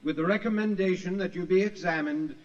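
An actor playing a stern, formal judge who speaks slowly, in 1940s radio acting. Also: male voice, high voice, lightly acted. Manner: slow, formal pronouncing. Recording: muffled noisy old radio recording.

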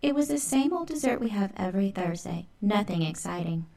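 A woman's voice: medium pitch, lively intonation, a little fast, gravelly, mellow. A woman reading the lines of a kind, friendly young boy kitten in a storybook.

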